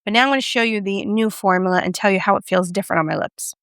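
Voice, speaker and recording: A woman talks through a beauty product review in a relaxed, chatty way and teases herself about her pronunciation. Her voice has a gravelly edge. The recording is close and dry. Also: mid-range voice, quick pace, no room sound. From United States. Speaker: beauty vlogger.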